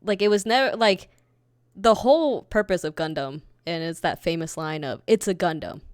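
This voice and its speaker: Young woman co-host, animated and loose, swears freely; lowish, smooth voice, dry close recording. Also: moderate pace, dry recording. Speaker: podcast co-host. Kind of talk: casual anime chat.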